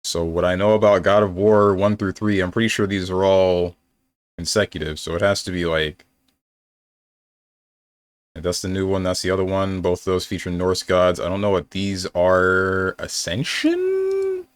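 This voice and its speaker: A man's voice: low voice, flat delivery, normal speed, clean tone, no echo. A young man streaming games, chatting casually and thinking aloud in a rambling, playful way. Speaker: game streamer. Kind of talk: casual live-stream chat.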